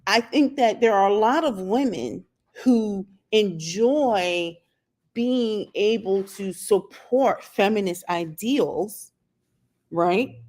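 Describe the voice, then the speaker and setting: An opinionated woman talks into her camera outdoors in a casual vlog monologue. Her voice sits at an ordinary middle pitch for a woman. She challenges the viewer with pointed rhetorical questions. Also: darkish tone. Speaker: channel host. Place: outdoors in sunlight.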